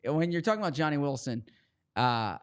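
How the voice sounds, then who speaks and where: A man's voice: fairly high pitch, very animated, fairly quick, smooth. Enthusiastic man in sports banter. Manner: enthusiastic, repeats himself. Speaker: co-host. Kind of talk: casual sports chat.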